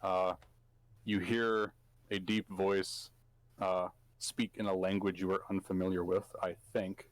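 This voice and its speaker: Low-voiced man running a tabletop game. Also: flat delivery, measured pace. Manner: hesitant, full of fillers. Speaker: game master.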